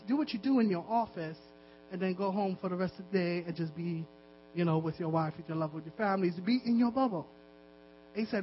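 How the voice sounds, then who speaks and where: A man preaching a sermon as a pastor, exhorting his listeners with insistent repetition. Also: extremely high pitch. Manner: impassioned, repetitive exhortation with laughs. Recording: dull lo-fi recording with mains hum.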